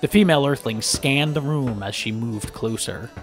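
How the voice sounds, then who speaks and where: A man narrating a first-person story aloud with lively, dramatic delivery. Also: medium pitch, normal speed. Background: background music.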